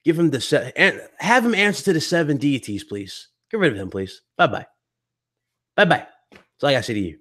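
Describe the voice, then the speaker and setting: A man's voice: fairly high pitch, big pitch swings, brisk, a bit bright. A male gaming podcast host ranting to his live chat in a heated, blunt and mocking way. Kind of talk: live stream rant to chat.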